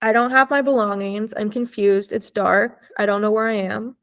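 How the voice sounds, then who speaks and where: Guesting on a podcast, a young woman shares a personal story, chatty, full of "like" and cursing freely while acting out the dialogue she quotes. Her medium-pitched voice keeps a fairly even intonation at a moderate pace.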